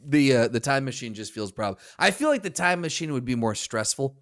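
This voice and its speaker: A man's voice: medium pitch, lively intonation, fairly quick, no echo, studio quality. A man co-hosting a podcast, chatting casually and tossing out playful what-if questions. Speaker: podcast co-host. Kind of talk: casual chat.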